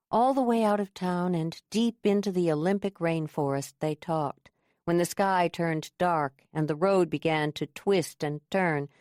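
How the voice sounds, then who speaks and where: Her voice falls on the low side as she narrates an audiobook script in a calm, even storytelling manner. The recording is dry and studio quality.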